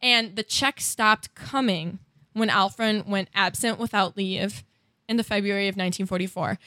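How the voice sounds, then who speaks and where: A woman podcast host chatting casually and retelling a life story, quick and full of filler words. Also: medium pitch, pushed and bright, no echo. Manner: fast, chatty, lots of "like" fillers. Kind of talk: casual chat, retelling a biography.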